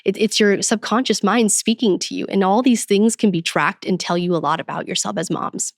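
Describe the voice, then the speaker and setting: A woman guest on a podcast, talking earnestly about faith and parenting and getting animated when she quotes herself. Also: medium pitch, a little fast, gravelly, no echo, clean studio sound. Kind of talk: casual podcast conversation.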